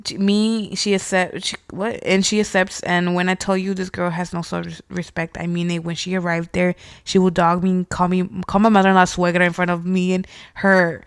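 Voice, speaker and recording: A young woman a gravelly, creaky voice, hosting a casual podcast. She reads listener stories aloud and reacts bluntly, swearing freely. The sound is dry and close, no room echo. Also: on the low side, flat delivery, normal speed, hardly any pauses. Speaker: podcast host.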